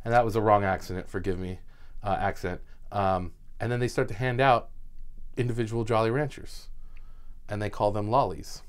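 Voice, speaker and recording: A man's voice: lowish voice, fairly even intonation, normal speed, clear, resonant tone. A young adult man co-hosting a casual podcast chat, rambling through stories and laughing often. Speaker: podcast co-host.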